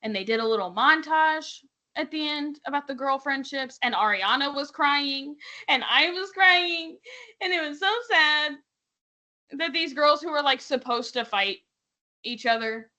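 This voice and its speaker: A young woman co-hosting a podcast, recapping reality TV in casual chat, animated and full of "like" and quoted voices. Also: sits high, measured pace. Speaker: podcast co-host.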